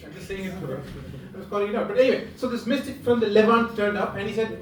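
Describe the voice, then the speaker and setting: A male comedian spins a long, winding story at a pub comedy night, tossing in deadpan asides. His voice sits high. It rings out in a reverberant room, caught from some distance. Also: quick pace, a little hiss or hum. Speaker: stand-up comedian. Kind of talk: stand-up storytelling. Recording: echoey pub room, far mic.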